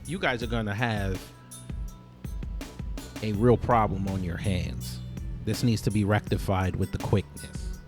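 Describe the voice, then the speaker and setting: A man's voice: on the low side, steady tone, a little slow, long pauses, music in the background. A man hosting an online commentary channel, blunt and opinionated, signing off with a joking outro.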